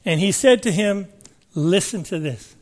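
Male preacher, high pitch, emphatic, scripture reading with rhetorical questions. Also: animated, measured pace, a little mellow. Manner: emphatic, asks the listeners questions, reads scripture aloud. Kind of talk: sermon.

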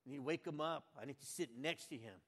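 An older man reading a Bible passage aloud, then musing on it in a folksy, conversational way, rising to loud fervent cries and dropping to quiet asides. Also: fairly high pitch, fast talker, breathy edge. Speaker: Bible reader and preacher. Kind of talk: informal devotional Bible reading and reflection. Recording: long hall reverb.

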